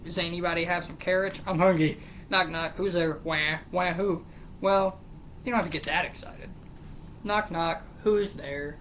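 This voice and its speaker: A channel host reading a joke book aloud, casually, in a deadpan question-and-answer rhythm with weary, sarcastic asides. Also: medium pitch, a little hiss or hum.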